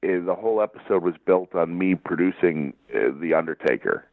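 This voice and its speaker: Over a tinny, phone-like line with no room sound, a man appears as an interview guest in a casual chat. His low voice has lively intonation and a fairly quick pace as he rambles through stories, laughing often.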